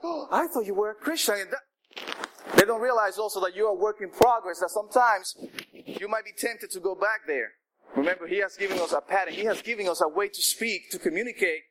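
A man preaching a sermon in a conversational, animated way, with asides to the congregation. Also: high-pitched, a little hiss or hum, rough recording.

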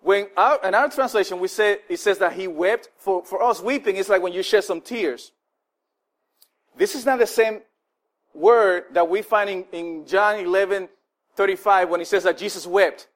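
At a moderate pace, a male pastor with a high voice preaches in a relaxed, conversational manner, often using fillers and starting over. He stays animated throughout, playing out the people he quotes.

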